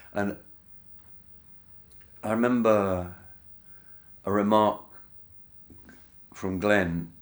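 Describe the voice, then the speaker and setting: A man recounting a story in a documentary interview, measured and wry, with lots of "uh" fillers. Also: deep voice. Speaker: interviewee, musician.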